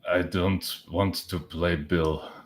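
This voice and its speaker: A man's voice: low-pitched, steady tone, slow. A man voicing a dim, drunk male orc at a tavern bar who speaks in short, broken, menacing phrases. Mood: gruff. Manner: curt, broken, menacing speech.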